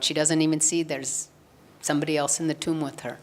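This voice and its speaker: A woman's voice: sits low, steady tone, moderate pace. A woman giving a spiritual satsang talk, earnestly retelling a gospel story and acting out the quoted lines. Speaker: satsang speaker.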